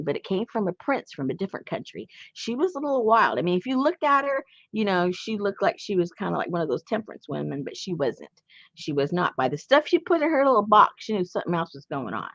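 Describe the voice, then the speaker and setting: A woman's voice: medium pitch, vocal fry, no room sound, muffled recording. A woman hosting a craft channel, chatting casually and playfully while showing a handmade journal. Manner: playful and chatty, laughs often.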